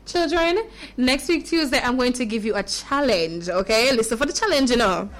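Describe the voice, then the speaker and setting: A woman's voice: fairly high pitch, expressive, normal speed, slight background noise. A woman hosting a children's radio show, chatting playfully with kids on air and laughing at her own slips.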